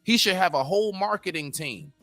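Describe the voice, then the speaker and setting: Bright-voiced man ranting profanely. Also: high-pitched, animated, fairly quick, dry recording, faint music behind. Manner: profane, ranting, talks to the viewers. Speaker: stream host reacting to a clip. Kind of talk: casual reaction commentary.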